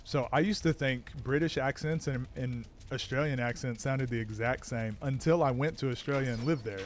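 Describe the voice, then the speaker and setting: A man's voice: medium pitch, normal speed, a little hiss or hum. Chatty American guy streaming a game. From United States. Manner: chatty, answering chat while playing. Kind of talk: casual live-stream chat.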